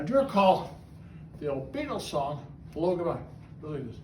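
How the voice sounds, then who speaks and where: A man talking to his pet bird in a casual home video, with a sing-song, coaxing way of speaking that drops to soft cooing. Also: a little high, sing-song, normal speed, long pauses, a little hiss or hum. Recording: roomy echo, mic at a distance.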